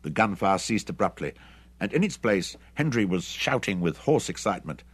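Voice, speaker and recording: A man narrating an adventure novel audiobook in an expressive, dramatic reading. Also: low-pitched, moderate pace, breathy edge, no echo. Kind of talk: scripted narration.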